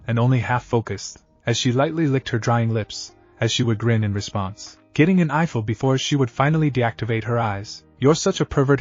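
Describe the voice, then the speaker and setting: A man giving a steady scripted fan fiction narration, muffled, with faint music behind. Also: mid-range voice.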